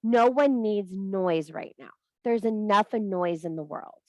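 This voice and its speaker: A middle-aged woman gives a blunt tough-love talk to her group, swearing freely. Her voice sits at an ordinary pitch, and the room sounds dry and close. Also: unhurried, darkish tone, no room sound, poor audio. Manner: profane, blunt, tough-love, laughs at herself. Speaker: spiritual course teacher.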